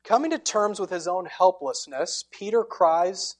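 A woman preaching a sermon, telling the story dramatically and swinging between loud, forceful lines and hushed ones. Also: fairly low pitch, animated, a little slow.

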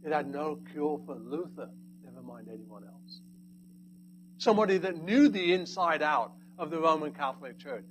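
A man preaching a sermon, swinging between loud emphatic lines and hushed, quiet asides. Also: fairly high pitch, animated, moderate pace, slight background noise, poor audio.

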